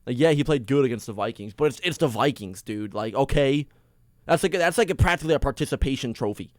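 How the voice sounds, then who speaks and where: A man hosting a sports podcast, ranting alone in an excitable, rambling way with many restarts. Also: medium pitch, fast talker, no echo, studio quality. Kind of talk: casual solo sports rant.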